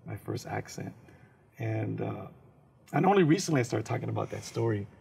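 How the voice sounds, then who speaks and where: Male comedian from San Francisco, animated and jokey, with a lively, gravelly delivery. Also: lowish voice, normal speed. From San Francisco, USA. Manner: animated, jokes and slips into impressions. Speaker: guest, comedian. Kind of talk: comic storytelling in an interview.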